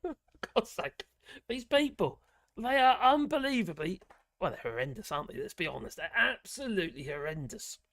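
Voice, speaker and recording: A man's voice: fairly high pitch, big pitch swings, normal speed, bright, forceful tone, no room sound. Rambling man ranting on a stream. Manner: rambling, blunt and ranting, with swearing and chuckles. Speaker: host of a live politics stream. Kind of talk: casual live-stream commentary.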